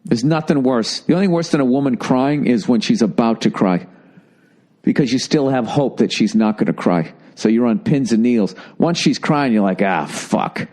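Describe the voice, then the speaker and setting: A man's voice: mid-range voice, lively intonation, warm tone. A man hosting a comedy podcast, reading a listener's letter and giving blunt, profane breakup advice in a casual rant. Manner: blunt and profane, lots of swearing; halting, with fillers and restarts before punchlines.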